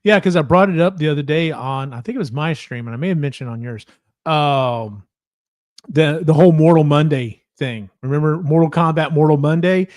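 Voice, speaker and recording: Slightly high-voiced man, casual rambling host. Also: fairly quick, no echo, clean studio sound. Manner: rambling, swears freely, mimics others. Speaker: podcast host. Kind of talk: casual podcast chat.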